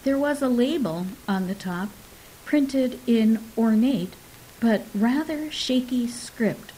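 A woman reading a story aloud in an unhurried, softly dramatic way, now and then dropping to a whisper. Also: mid-range voice, slight background noise, poor audio.

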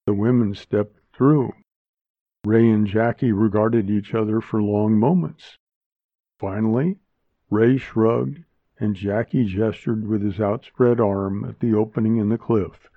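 A man reads a story aloud in a slow, measured voice that sits low. The sound is thin and tinny like a phone line, and dry with no room around it. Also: fairly even intonation, no echo. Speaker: narrator. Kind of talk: audiobook reading.

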